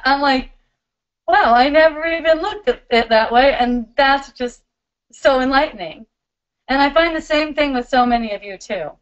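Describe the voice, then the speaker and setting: A middle-aged woman hosting a live spiritual question-and-answer stream, talking in a warm, giggly, loving way. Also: mid-range voice, clean tone, highs cut off.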